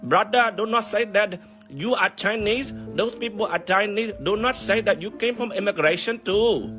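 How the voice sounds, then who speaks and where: A man voicing his Indian friend at the cinema, who earnestly scolds him in a raised, slow voice. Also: high-pitched, fairly bright tone, soft background music, pitched above the performer's own voice. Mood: scolding.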